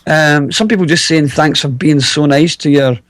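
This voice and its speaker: A man hosting a radio interview, reading out listener questions in a relaxed, conversational way. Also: a little high, normal speed, dry recording, clean studio sound. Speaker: radio host.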